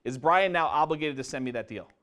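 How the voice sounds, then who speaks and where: Give me a man with a high, very animated voice lecturing a live audience and quizzing them as he goes. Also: fast talker. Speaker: real estate investing presenter. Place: meeting room before a live audience.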